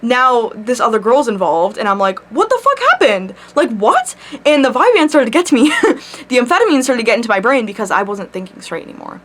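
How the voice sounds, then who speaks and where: A woman telling a personal story straight to her camera in a casual vlog, animated and full of swearing. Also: on the high side, fast talker. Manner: animated, swears a lot, laughs mid-story. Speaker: vlogger. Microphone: camera mic.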